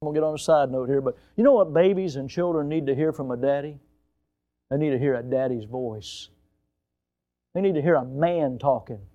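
A male pastor preaching a sermon with emphatic swings in loudness and pace, now and then putting on mocking high voices. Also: a little fast, highs cut off.

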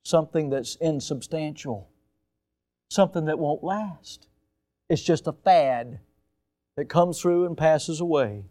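The pastor takes his sermon slowly, leaving long pauses. His delivery swings emphatically in loudness and pace, and at times he slips into mocking high voices.

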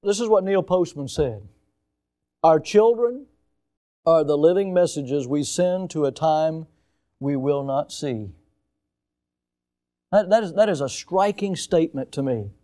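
A male pastor preaching a sermon with emphatic swings in loudness and pace, now and then putting on mocking high voices. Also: lively intonation, measured pace, long pauses.

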